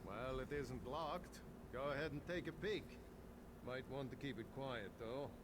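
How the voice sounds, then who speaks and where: A man's voice: mid-range voice, a little slow, close to an everyday voice. An actor playing a chatty, boastful male mine lookout in a video game, cracking crude jokes. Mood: cocky. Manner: joking, boastful, crude humor. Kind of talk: video game character dialogue. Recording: game audio with steady background noise.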